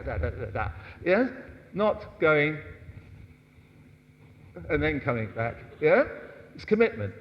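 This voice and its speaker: An older man teaching a ballroom dance class, coaxing the dancers, counting out steps and often asking "yes?". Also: a little high. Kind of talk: dance workshop lesson. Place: large dance hall. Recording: dull distant hall sound.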